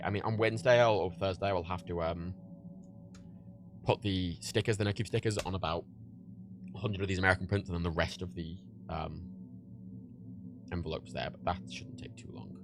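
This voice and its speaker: A man's voice: lowish voice, vocal fry, a bit bright. A young man from Ireland chatting casually on a livestream while he packs orders, rambling, swearing and laughing at himself. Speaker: livestream host.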